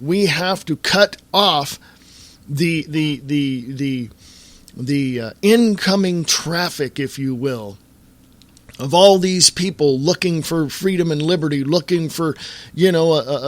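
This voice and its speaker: A man's voice: on the high side, a bit bright, no echo. A man hosting a political podcast, delivering a fiery, ranting monologue straight to his listeners. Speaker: podcast host. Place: Reno, Nevada area.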